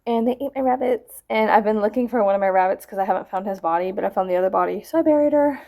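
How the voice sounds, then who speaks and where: Gravelly woman ranting casually. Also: mid-range voice, racing. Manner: profane, animated, exaggerating with mock voices. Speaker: vlogger.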